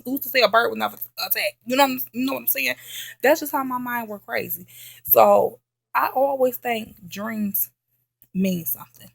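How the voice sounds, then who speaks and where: A woman's voice: on the high side, gravelly, a bit bright, dry recording. A woman vlogger telling a story in a casual late-night chat, emphatic and repeating herself, often checking in with "okay?".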